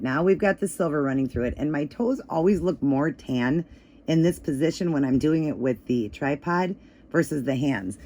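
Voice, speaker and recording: A slightly hoarse woman giving a casual, chatty step-by-step nail art tutorial, with easygoing instructions and fillers. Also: deep voice, mellow. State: slightly hoarse, voice still crackly.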